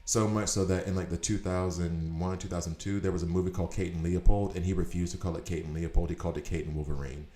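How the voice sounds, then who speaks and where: A man with a low, deep voice chats casually while playing a game and drifts into long, animated tangents. His voice rings in an echoey room. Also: quick pace, hardly any pauses. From United States. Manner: animated storyteller, rambling tangents. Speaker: gaming streamer. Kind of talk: casual chat while gaming.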